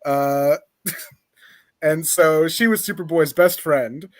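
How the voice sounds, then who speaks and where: A man's voice: a little high, takes it slowly, dry recording. A man co-hosting a podcast, recapping a comic in a rambling, laughing, casual way. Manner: rambling, laughing, full of fillers. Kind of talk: casual chat.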